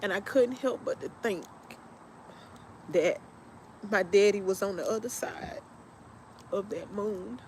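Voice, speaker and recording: A tearful woman shares a personal story on her podcast, speaking very slowly and haltingly with heartfelt emotion. Her words come out in broken pieces, and steady background noise sits under her voice. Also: mid-range voice, low-quality recording. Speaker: podcast host.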